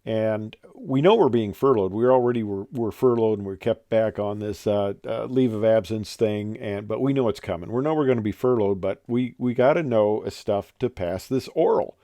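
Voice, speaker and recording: A man's voice: on the low side, moderate pace, few pauses, dark tone, dry recording. An older man, a retired airline pilot, telling stories in a rambling, casual way with many fillers and restarts. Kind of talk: casual storytelling monologue.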